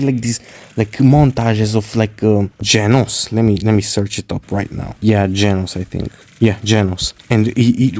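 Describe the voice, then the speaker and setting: A male streamer rambles excitedly about games, stacking up "like" and swearing freely. His voice sits a bit low and sounds mellow. The recording is dry, with no room echo. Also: slightly rough. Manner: excitable, rambling, profane, heavy use of "like". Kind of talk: casual gaming opinion vlog.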